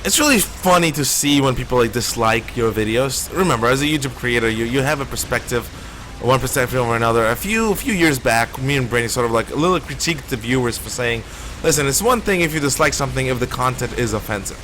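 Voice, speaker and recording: A man's voice: mid-range voice, lively intonation, fast, a bit bright, slight background noise. A man streaming a shooter game live, rambling and opinionated as he plays. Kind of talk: casual live gameplay commentary.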